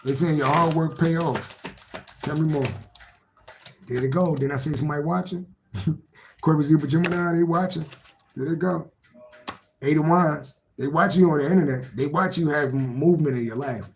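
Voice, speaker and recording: Man, tarot reader, casual live-stream reading, rambling, repetitive, swears freely, slightly high pitched. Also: moderate pace, pauses often, slight background noise, low-quality recording.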